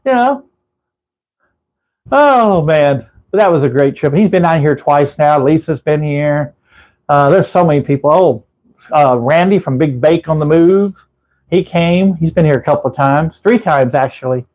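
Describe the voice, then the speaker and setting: A high-voiced Texan man chatting loosely on his livestream from his room at home. He rambles from story to story and laughs at his own jokes. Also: unhurried, a little mellow, poor audio. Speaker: livestream host. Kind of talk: casual live chat with viewers.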